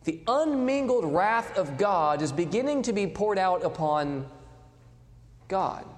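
A man preaching with a lively, rising and falling voice. He swings from loud declarations to hushed, near-quiet lines. His words ring out with a long hall reverb. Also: sits high, slow. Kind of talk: sermon.

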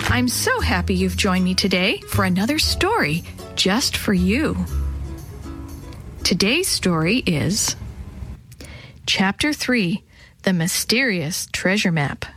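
A woman narrating a children's story in a friendly, clear way, acting out the characters. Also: mid-range voice, expressive, measured pace, fairly bright tone, dry recording, faint music behind.

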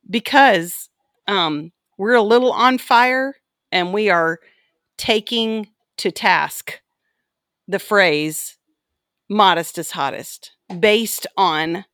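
A woman hosting a podcast in casual chat, playful and bubbly, with quick asides to her co-host. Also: mid-range voice, a bit bright, dry recording, studio quality.

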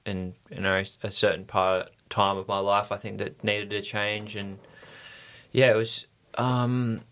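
A man's voice: fairly low pitch, level tone, measured pace, a bit bright. An Australian man telling stories as a podcast guest in an easygoing, rambling way with lots of fillers. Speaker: podcast guest, stunt rider. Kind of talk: casual storytelling.

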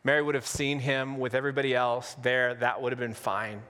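A male pastor preaching an Easter sermon in a conversational, humorous way, with dramatic pauses. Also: mid-range voice, flat delivery, a bit bright, in a large hall. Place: church sanctuary on Easter Sunday.

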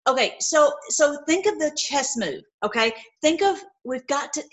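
Animated rambling woman commentator. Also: high voice, unhurried, few pauses. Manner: animated, rambling, frequent restarts and fillers. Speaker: online commentator. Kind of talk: casual livestream commentary.

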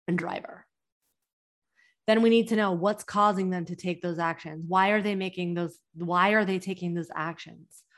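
A young adult woman hosting a podcast, coaching business owners in an energetic way and firing off rhetorical questions. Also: lowish voice. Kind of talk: teaching podcast talk.

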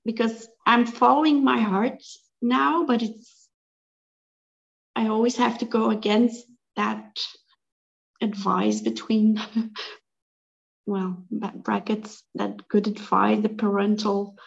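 A woman artist speaks hesitantly in a coaching session, stopping and restarting her sentences. Her voice is slow and gravelly. The sound is lo-fi and dull. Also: mid-range voice, steady tone. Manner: hesitant, halting, restarts and laughs nervously.

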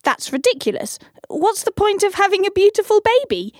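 An actress playing an earnest, insistent wife who wants a plain, even ugly baby. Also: female voice, extremely high pitch, moderate pace, dry recording. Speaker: prospective mother.

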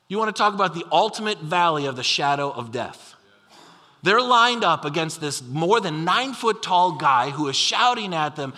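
Male pastor, high bright voice, energetic emphatic sermon, reverberant church sanctuary. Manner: energetic, emphatic storytelling preacher. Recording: long hall reverb.

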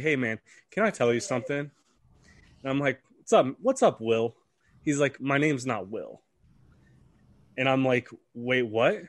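A young man tells a story in a casual, animated way, swearing freely and acting out what people said. His voice sits at a middle pitch. The sound is dry and close. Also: no echo. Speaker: podcast co-host.

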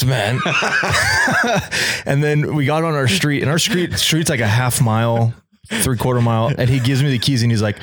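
A young man telling a story in a casual chat, animated and laughing often as he acts out quoted lines. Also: mid-range voice, normal speed. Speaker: podcast guest telling a story.

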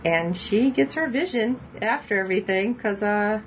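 A woman's voice: medium pitch, animated, moderate pace, slight background noise, poor audio. A woman co-hosting a casual podcast, recapping a TV episode in a chatty way and laughing often as she quotes the characters. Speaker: podcast co-host.

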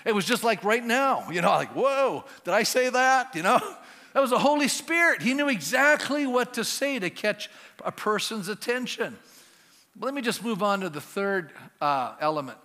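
A man preaches in a lively, conversational way and keeps questioning his congregation. His voice is high and bright with wide swings in pitch. It sounds out in a church sanctuary with a long hall reverb. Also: moderate pace. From Canada. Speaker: pastor. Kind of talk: sermon.

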